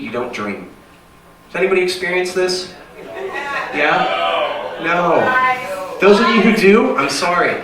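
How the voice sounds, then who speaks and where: A man doing a rambling, self-deprecating stand-up set on a small club stage. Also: fairly high pitch. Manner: rambling, self-deprecating, jumps into silly voices. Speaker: stand-up comedian. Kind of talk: stand-up set at an open mic. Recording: echoey room, mic from far off, noisy.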